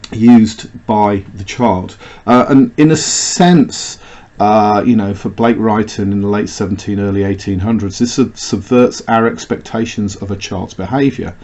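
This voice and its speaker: A male English teacher talks his class through a poem in a recorded lesson, with a fairly low voice. He pauses often on "uh" fillers and restarts his sentences as he explains. The sound is dull and lo-fi. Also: a little mellow. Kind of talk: recorded lecture.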